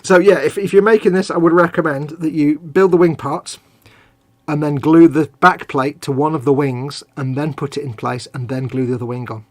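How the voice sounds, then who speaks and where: This man's voice runs on the high side, with fairly even intonation and a moderate pace. He co-hosts a live hobby stream, putting a model kit together while trading jokey, rambling, mocking banter in casual chat.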